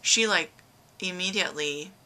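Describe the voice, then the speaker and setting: A woman's voice: fairly low pitch, normal speed, sharp tone. A middle-aged woman giving a rambling, emotional personal update in her vlog, with lots of fillers. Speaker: vlogger.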